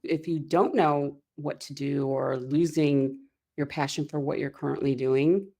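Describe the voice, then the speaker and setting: Lively, chatty woman coach on a podcast, low voice, laughs easily. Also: unhurried, vocal fry. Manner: upbeat and chatty, often laughs. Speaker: business coach guest. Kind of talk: casual podcast interview.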